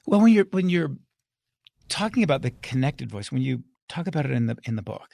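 A man hosting a public radio interview, asking measured, curious questions. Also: medium pitch, very animated, gravelly, dark tone, no echo. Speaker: radio show host.

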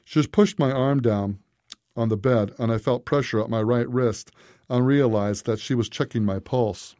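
A man narrating a first-person story in a steady, unhurried way. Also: medium pitch, no room sound, clean studio sound.

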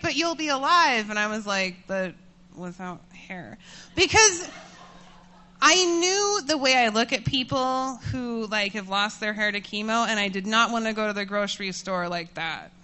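A woman in her thirties telling a personal story to an audience, candid and self-mocking, laughing often and getting animated as she tells it. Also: fairly high pitch, unhurried, clear, resonant tone. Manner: animated, voices rising when furious.

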